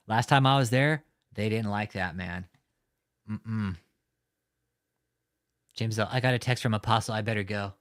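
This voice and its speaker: Man, livestream host, angry, profane, ranting, mid-pitched. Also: unhurried, a bit bright. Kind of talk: angry live-stream commentary.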